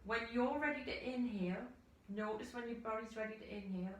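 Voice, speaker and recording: A woman yoga teacher from the United Kingdom, guiding a class through slow, soothing breathing cues and audible sighing breaths. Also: a little high. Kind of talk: guided yoga instruction. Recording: echoey room, voice from far off the mic.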